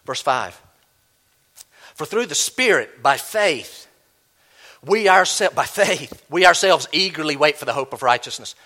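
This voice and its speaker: Animated high-pitched male preacher. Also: unhurried, pauses often. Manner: animated preaching, acts out imagined speakers. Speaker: pastor. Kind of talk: sermon.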